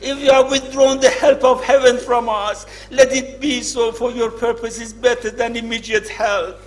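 A man voicing a grieving, anguished older male leader in battle, speaking in pleading, sorrowful lines that rise to loud cries. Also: very high-pitched, fairly even intonation, moderate pace. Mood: anguished cry.

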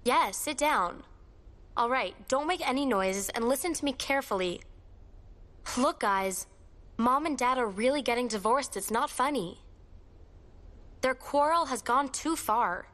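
Actress doing a bossy worried big sister, firm and insistent, high bright voice, dubbed drama. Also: female voice, animated, unhurried, long pauses. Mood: urgent. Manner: firm, insistent, takes charge. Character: bossy worried young woman, eldest sister. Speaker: eldest sister calling a family meeting.

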